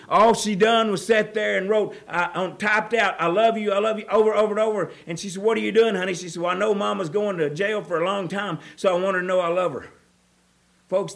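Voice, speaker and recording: Gravelly preacher, high voice. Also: male voice, steady tone, brisk, hardly any pauses. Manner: preaching that swings from quiet storytelling to loud urgent appeals. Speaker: pastor. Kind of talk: sermon.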